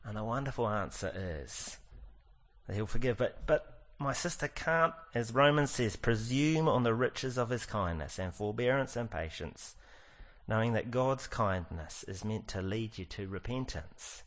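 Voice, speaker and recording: A middle-aged male pastor preaching, his voice sitting fairly low. He talks earnestly and drags out the words he wants to land. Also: lively intonation, fairly bright tone. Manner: earnest, slows down to stress key lines. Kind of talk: sermon.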